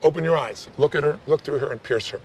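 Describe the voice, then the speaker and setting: A man leading a live coaching session, intense and direct, pressing with quick questions. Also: on the high side, a little hiss or hum. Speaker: life coach on stage.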